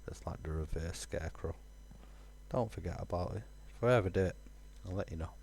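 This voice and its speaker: A man's voice: sits low, a little fast, creaky, a little mellow, breathy edge. A man, musing aloud with fillers while streaming a game. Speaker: gaming streamer. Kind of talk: casual let's-play commentary.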